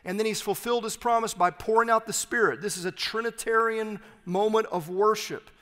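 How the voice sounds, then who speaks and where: A man's voice: high-pitched, fairly even intonation, a little fast, fairly bright tone. A man with a Texan accent, a pastor giving an emphatic teaching sermon with humorous asides in a church. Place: church sanctuary. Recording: long hall reverb.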